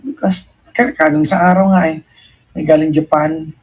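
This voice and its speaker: A man's voice: a little high, fairly even intonation, normal speed, slightly rough, rough recording. A man with a Filipino accent, a radio host giving earnest, reflective life advice in casual chat and often restarting his sentences. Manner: earnest and reflective, mixing English and Tagalog, frequent restarts. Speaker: radio host answering a listener.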